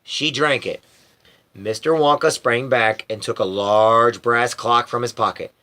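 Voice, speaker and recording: Bright-voiced man reading a story aloud. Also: mid-range voice, a little slow. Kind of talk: storybook read-aloud narration.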